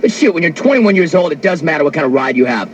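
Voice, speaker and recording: A man's voice: fairly high pitch, very animated, quick pace, breathy edge, no echo, highs cut off. A man hosting a talk radio show, telling a story in a brash, wisecracking monologue into a studio mic. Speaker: sports radio host.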